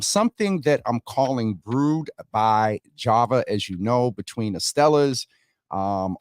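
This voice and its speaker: A man's voice: lowish voice, dry recording, studio quality. A man hosting a casual morning livestream, chatting and greeting viewers by name as they join. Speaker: livestream host.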